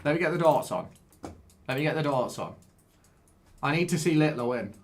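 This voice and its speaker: A man giving casual live-stream commentary while he plays a game, excitable, swearing and chatting with viewers. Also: a little high, moderate pace.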